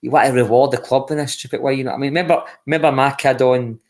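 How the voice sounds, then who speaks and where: A man's voice: mid-range voice, fairly even intonation, very fast, darkish tone. Blunt Scottish man on a football podcast. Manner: blunt, repeats words, swears. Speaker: podcast co-host. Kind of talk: casual football podcast chat.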